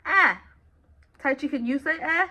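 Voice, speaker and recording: A woman's voice: high voice, animated, normal speed, a bit bright. A woman teaching letters to her young child, patient and sing-song, sounding out each letter. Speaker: special education teacher and mother.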